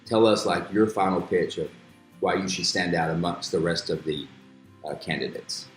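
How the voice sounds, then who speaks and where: A man's voice: sits low, moderate pace. A man interviewing a young woman in a friendly, rambling way with many fillers. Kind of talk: casual interview. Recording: roomy echo with faint music.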